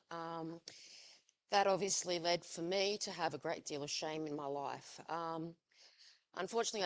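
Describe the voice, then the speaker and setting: A woman, a guest speaker sharing a personal testimony at a live event, halting with many ums and pauses and a little out of breath. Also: fairly low pitch. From Australia.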